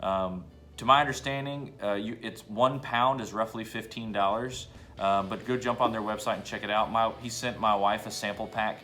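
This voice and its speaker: A man's voice: lowish voice, steady tone, normal speed, bright, forceful tone, faint music behind. A man casually reviewing a beer in his home basement bar, talking in a laid-back, enthusiastic way and swearing now and then.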